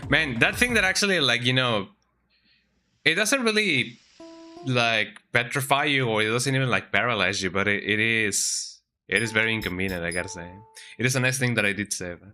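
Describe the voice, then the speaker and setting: A man's voice: mid-range voice, expressive, normal speed, bright, forceful tone, soft background music. A man streaming a video game, chatting casually from home and tagging his sentences with "eh?". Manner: rambling, chatty, tags sentences with "eh?". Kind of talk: casual gameplay commentary. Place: home, at a computer.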